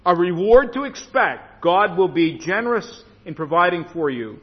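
Lively preaching man in a reverberant hall. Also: sits high, husky. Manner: preaches with lively rises, slows for scripture. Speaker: pastor. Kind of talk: sermon. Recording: dull reverberant hall sound.

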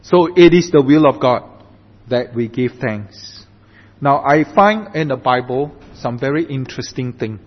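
Slow emphatic male pastor, echoing hall. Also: medium pitch, lively intonation. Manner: slow and emphatic, often asks "right?". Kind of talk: sermon. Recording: dull recording with long hall reverb.

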